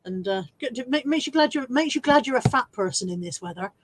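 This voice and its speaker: A woman's voice: fairly high pitch, lively intonation, quick pace, a little hiss or hum, low-quality recording. A woman chatting casually on her regular live stream, laughing often and joking at her own expense.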